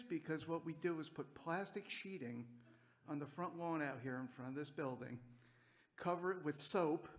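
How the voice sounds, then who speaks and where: A middle-aged man speaks at a church memorial, his voice sitting high. He rambles gently through fond anecdotes, breaking into laughs as he goes. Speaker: church member giving a eulogy.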